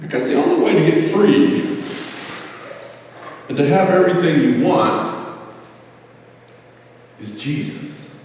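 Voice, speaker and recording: A man's voice: fairly high pitch, expressive, slow, pauses often, a little mellow, a little hiss or hum. A male pastor delivering a sermon, full of rhetorical questions and rising fervor. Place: church sanctuary. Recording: echoey church hall from far off.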